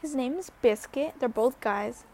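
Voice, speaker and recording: A woman's voice: high-pitched, unhurried, darkish tone, a little hiss or hum. A young woman vlogger telling a story in a casual, rambling way, full of fillers and restarts.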